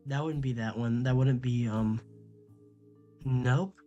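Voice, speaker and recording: A man's voice: mid-range voice, slow, mellow, lo-fi sound, faint music behind. Flustered young man rambling on stream. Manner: rambling and flustered, stammers and repeats words. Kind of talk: casual live-stream chat, reading quiz questions aloud.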